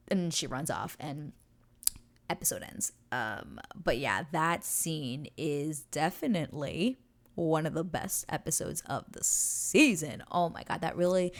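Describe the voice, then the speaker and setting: Gravelly, gushing young woman. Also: low-pitched. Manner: gushing, breathless retelling with acted quotes. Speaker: show reaction host. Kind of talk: casual recap chat.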